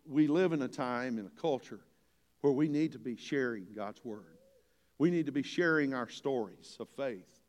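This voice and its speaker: A man's voice: medium pitch, moderate pace, darkish tone. An older man preaching a sermon as a pastor, folksy and earnest, building to emphatic points. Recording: long hall reverb.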